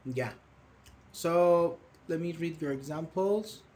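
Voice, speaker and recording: A young man teaching English grammar in a live online class, patient and questioning, repeating words slowly. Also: on the high side, darkish tone.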